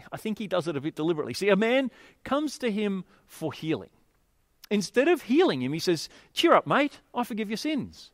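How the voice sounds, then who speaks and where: Guy preaching a sermon, super animated up-and-down voice, dry close sound. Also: high voice, no echo. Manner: expressive, emphatic storytelling. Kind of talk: sermon with scripture reading.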